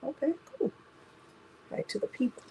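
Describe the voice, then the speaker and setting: A woman's voice: normal speed, dark tone, slight background noise, poor audio. A woman hosting a casual craft livestream, chatting and greeting viewers by name one after another.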